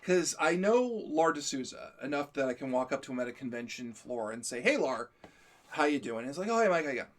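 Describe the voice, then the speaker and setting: A man co-hosting a stream, telling stories in a casual chat, animated, often laughing and acting out what people said. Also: mid-range voice, normal speed. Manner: animated storyteller, laughs often, acts out quotes. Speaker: stream co-host.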